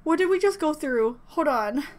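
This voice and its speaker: A woman hosting a fan reaction video, gasping, squealing and repeating words in excited disbelief. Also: sits high, moderate pace.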